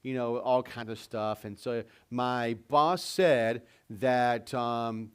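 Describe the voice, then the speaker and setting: A man's voice: mid-range voice, fairly even intonation, takes it slowly, hardly any pauses, clean tone. A man preaching a sermon as pastor, telling stories and putting questions to his congregation. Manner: conversational storytelling with questions to the congregation. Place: church sanctuary.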